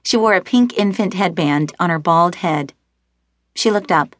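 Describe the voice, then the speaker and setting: A woman's voice: on the low side, animated, unhurried, fairly bright tone, no echo, clean studio sound. A woman narrating a first-person romance audiobook, lightly shifting her voice for characters. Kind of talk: scripted narration.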